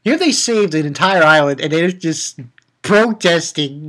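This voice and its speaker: A man recaps a cartoon episode in a loose, rambling way, laughing and swearing as he goes. His pitch moves a lot, rising and dropping as he acts out lines. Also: expressive, unhurried, a bit bright. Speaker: anime reviewer.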